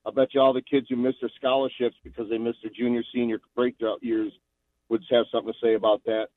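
A man's voice: mid-range voice, level tone, fast talker, no echo. A man calling in to a radio show, ranting angrily and sarcastically with repeated phrases. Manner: angry, sarcastic, repetitive. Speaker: caller. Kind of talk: call-in radio rant. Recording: tinny phone line.

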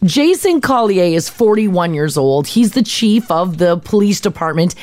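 Animated woman co-hosting a morning show. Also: lowish voice, unhurried. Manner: lively, animated storytelling. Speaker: radio show co-host. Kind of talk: casual morning show chat.

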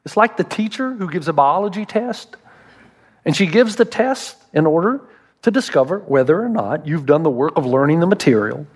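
A man's voice: on the high side, expressive, moderate pace, slightly rough, in a large hall. A middle-aged man preaching a sermon as pastor, telling humorous stories and acting out the voices he quotes. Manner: humorous storyteller who acts out quoted voices.

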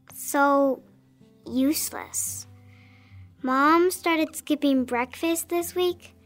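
A woman's voice: high-pitched, creaky, full character voice. A woman playing an earnest, worried young girl. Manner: earnest, anxious, reading letters aloud. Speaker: letter-writing child character. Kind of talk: audio drama acting.

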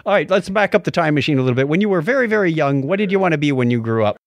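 A man's voice: on the high side, expressive, racing, gravelly, no room sound, clean studio sound. A man hosting an interview, asking questions and adding playful quips. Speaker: host.

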